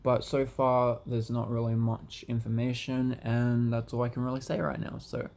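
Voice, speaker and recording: A man speaks in a relaxed vlog monologue with a gravelly, creaky edge to his voice. His pitch stays flat and even. He hesitates often, filling gaps with ums and repeating words as he goes. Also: normal speed. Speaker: vlogger.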